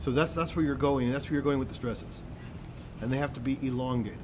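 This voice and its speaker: A man's voice: mid-range voice, steady tone, brisk. Stammering male vocal coach, noisy recording. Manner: explanatory, stammering restarts. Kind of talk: masterclass coaching.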